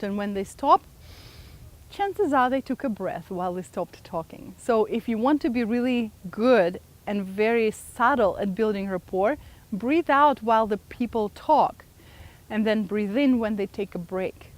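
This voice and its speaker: A woman presenting a communication workshop, engaging the audience with frequent questions. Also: a little high. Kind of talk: live seminar talk to an audience.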